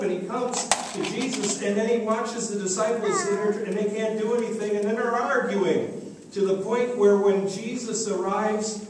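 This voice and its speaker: A man with a high voice and a darkish tone preaches a sermon as pastor, recounting a story and voicing its characters. He's in a church sanctuary, recorded from a distance with echo and faint noise.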